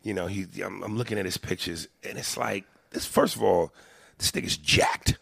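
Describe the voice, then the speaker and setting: A man, a comedian, talking in a casual podcast chat, profane and animated, often acting out little voices. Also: low voice, moderate pace, vocal fry, breathy edge, dry recording, clean studio sound. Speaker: comedian guest.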